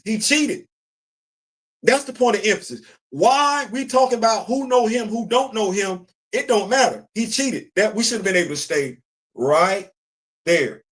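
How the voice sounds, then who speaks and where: A man's voice: high voice, a bit bright. A man hosting a casual commentary show, talking bluntly and emphatically, repeating his points. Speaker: podcast host.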